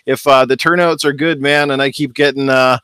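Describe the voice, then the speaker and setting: A man's voice: medium pitch, steady tone, fairly quick, pushed and bright, clean tone, no room sound, studio quality. Chatty man hosting a gaming stream. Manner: chatty, upbeat, greets viewers. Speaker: gaming show host. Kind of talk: casual livestream chat.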